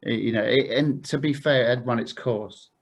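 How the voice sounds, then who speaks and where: A man's voice: mid-range voice, moderate pace. A man, a podcast guest, telling anecdotes in a laddish, chatty way full of fillers. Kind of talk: casual storytelling.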